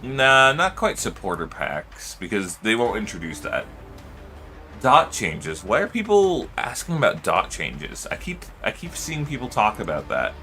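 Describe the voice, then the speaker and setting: Lively low-voiced male streamer. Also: measured pace, faint music behind. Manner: rambling, loose, lots of fillers and swearing. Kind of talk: casual livestream chat.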